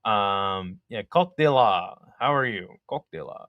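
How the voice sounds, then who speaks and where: A man's voice: fairly low pitch, expressive, measured pace, no room sound, dull audio. A young man hosting a casual live fight companion stream, chatting with viewers between calls of the action and swearing freely. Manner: chatty, swears, reads chat aloud.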